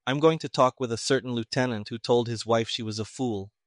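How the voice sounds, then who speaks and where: Toneless, unflappable male sleuth, read by a man; flat and level, dry booth sound. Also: mid-range voice, fairly quick, dry recording, close to an everyday voice. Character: calm toneless male island detective.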